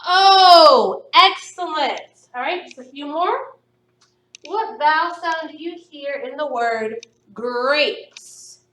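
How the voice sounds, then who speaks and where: A woman teaching young children phonics, stretching out each sound slowly and praising them warmly. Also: high-pitched, lively intonation, recorded from a distance. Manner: slow, stretched-out sounding of words for young pupils; encouraging, upbeat praise. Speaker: primary school teacher. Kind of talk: recorded phonics lesson. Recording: echoey room, voice somewhat off-mic.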